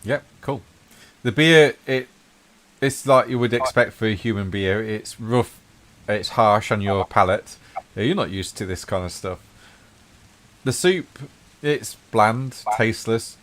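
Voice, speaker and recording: A man running a tabletop game as game master, talking through scenes in an easygoing, descriptive way. His voice sits fairly low. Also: a little slow, pauses often, fairly bright tone. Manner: descriptive, easygoing narration with fillers.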